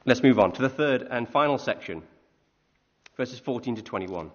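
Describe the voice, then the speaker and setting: A man preaching a conversational sermon, animated, often asking his listeners questions. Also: medium pitch, moderate pace. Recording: echoey hall, dull lo-fi sound.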